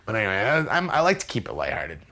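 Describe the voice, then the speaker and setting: A man's voice: on the low side, huge pitch swings, quick pace, gravelly, pushed and bright. A man guest in an interview, telling a story in a rambling, self-mocking way with many restarts. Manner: acts out other people's lines in a raised voice. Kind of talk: casual conversational storytelling.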